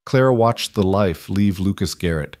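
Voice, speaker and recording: Low-voiced male story narrator. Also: moderate pace, dry recording, clean studio sound. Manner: even, steady storytelling.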